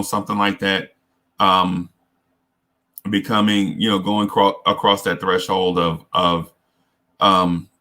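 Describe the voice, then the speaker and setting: A man hosts a casual advice talk in a slightly low voice with a forceful, sharp edge. He speaks earnestly and haltingly, often restarting and repeating words as he works through his points. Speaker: host.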